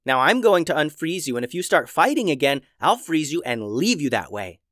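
Bossy storybook girl with a wand, high and scolding, voiced by a male narrator. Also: very animated, fairly quick, fairly bright tone, no echo, clean studio sound. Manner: scolding, stern.

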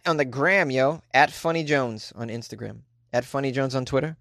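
Joking podcast host in a closet. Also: male voice, mid-range voice, fairly even intonation, moderate pace, gravelly, hardly any pauses, a bit bright, dry recording, studio quality. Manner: joking, rambling, playfully exasperated. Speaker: comedy news podcast host. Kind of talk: casual comedic monologue. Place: small hot bedroom closet.

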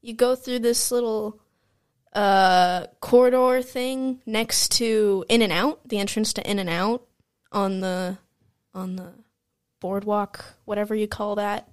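A woman's voice: mid-range voice, fairly even intonation, takes it slowly, smooth. A young woman co-hosting a podcast, chatting casually and telling stories with frequent laughs. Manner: chatty storyteller, laughs often. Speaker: podcast co-host. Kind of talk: casual chat.

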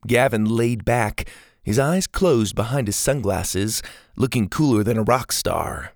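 A man narrating a kids' adventure story in an expressive, animated storytelling manner. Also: medium pitch, measured pace, gravelly, dry recording, studio quality.

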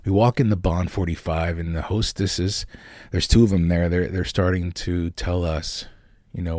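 A man hosting a podcast, telling a rambling, profane story in a casual, animated way. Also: low-pitched, unhurried, no room sound, clean studio sound. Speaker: podcast host.

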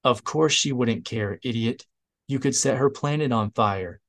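A man's voice: mid-range voice, measured pace, a bit bright. A man voicing a cool, cutting male Imperial major. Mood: dry.

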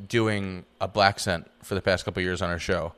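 A young man co-hosting a podcast, explaining his views in relaxed casual chat. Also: sits low, fairly quick, smooth. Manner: relaxed, explaining, often trailing off. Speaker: podcast co-host.

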